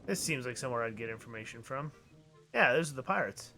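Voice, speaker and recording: A man casually commenting as he plays a video game, with low-key, mumbled asides. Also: lively intonation, quick pace, bright, forceful tone, soft background music. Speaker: let's play host.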